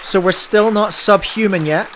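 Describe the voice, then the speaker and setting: A man's voice: high voice, normal speed, fairly bright tone, a faint crowd, slight background noise. A married man, hosting a podcast and chatting casually as he reacts to videos with playful, jokey asides. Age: adult, married.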